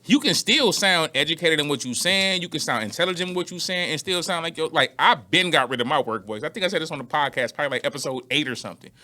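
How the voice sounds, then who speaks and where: Bright-voiced man chatting on a podcast. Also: on the high side, quick pace, few pauses. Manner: animated, acts out quotes in different voices. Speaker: podcast co-host. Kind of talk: casual podcast chat.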